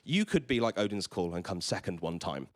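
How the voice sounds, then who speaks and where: A man's voice: sits low, very animated, a little fast. A man giving an enthusiastic conference talk on stage to a live audience, often stumbling and repeating words. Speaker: conference presenter.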